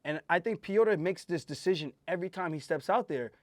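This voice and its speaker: Host and fighter, male, emphatic and animated, slightly high voice, dry sound, casual fight talk. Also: fairly quick, no echo. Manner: emphatic, animated, swears freely. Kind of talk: casual fight breakdown chat.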